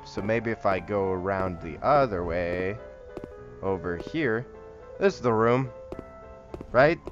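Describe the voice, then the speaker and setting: A man's voice: lowish voice, lo-fi sound. A man giving casual, joking commentary while playing a horror game, rambling and chatting to the things on screen. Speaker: horror game let's-player.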